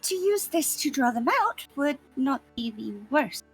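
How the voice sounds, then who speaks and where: A woman's voice: high-pitched, lively intonation, measured pace, faint music behind. A woman player in a tabletop game, speaking in character in a prim, mannered way.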